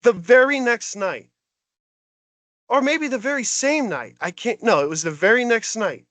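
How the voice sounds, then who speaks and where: Brief: male podcast co-host, high voice, dry close sound, fired-up exasperated ranting. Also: lively intonation, unhurried, a bit bright, dry recording. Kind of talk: heated sports rant.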